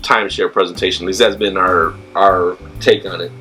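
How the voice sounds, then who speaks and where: A man's voice: deep voice, steady tone, brisk, sharp tone, soft background music, low-quality recording. A man hosting a casual travel chat, talking loosely with many fillers and restarts. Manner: chatty, filler-heavy, restarts often. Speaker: host.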